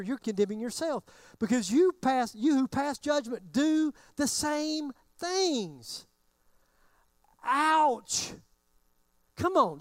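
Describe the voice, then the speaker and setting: High-voiced preacher with a drawl. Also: male voice, no echo. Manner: conversational preaching, acting out listeners' thoughts. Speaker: pastor. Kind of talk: sermon.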